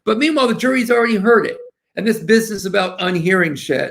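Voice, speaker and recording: A man in his sixties from the Southern United States, a defense lawyer talking as a guest in a casual interview, animated and quoting others as he tells stories. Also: high-pitched, fast talker, gravelly. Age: 60s.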